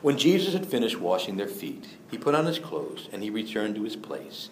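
A man's voice: lowish voice, very animated, moderate pace, hardly any pauses, roomy sound, a little hiss or hum, poor audio. A man preaching a sermon as a priest, in an earnest, conversational manner that moves in and out of quoted voices.

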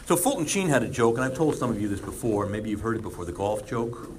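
Animated male priest preaching. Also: fairly low pitch, fast talker, a little hiss or hum. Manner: conversational, animated preaching with asides. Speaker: Catholic priest. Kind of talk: sermon talk.

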